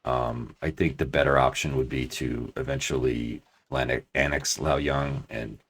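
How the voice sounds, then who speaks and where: A man's voice: extremely low pitch, steady tone, a little slow, a bit bright, slightly rough. A man commenting on his strategy game as he plays, thinking aloud and talking his plans through at length. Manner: thinking aloud, restarts and hedges while planning. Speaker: let's play commentator.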